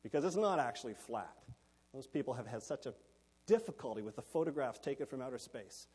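A man's voice: mid-range voice, expressive, brisk, darkish tone, husky, big-room sound. A man preaching a sermon, explaining scripture verse by verse and giving note points for listeners. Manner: expository, explains Greek words, gives note points.

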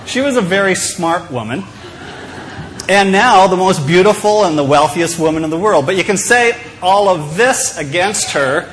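A man's voice: sits high, expressive, normal speed, a bit bright, slight background noise. Conversational male pastor preaching. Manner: conversational, humorous storytelling. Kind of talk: sermon.

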